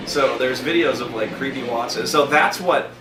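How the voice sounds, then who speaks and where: A man hosting a casual chat about a film, excitable, rambling and profane. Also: mid-range voice, moderate pace, reverberant, recorded from a distance, over loud music. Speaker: host.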